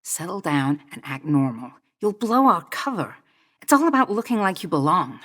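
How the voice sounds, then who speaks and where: A woman voicing a bold young woman photographer who speaks in hushed, teasing tones. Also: fairly low pitch, very animated, normal speed. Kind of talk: audiobook character voice.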